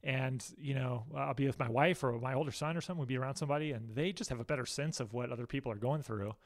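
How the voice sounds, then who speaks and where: A man's voice: medium pitch, fast talker. A man being interviewed as a guest, talking candidly and poking fun at himself, with lots of restarts. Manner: candid, self-deprecating, chatty with many restarts. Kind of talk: casual interview.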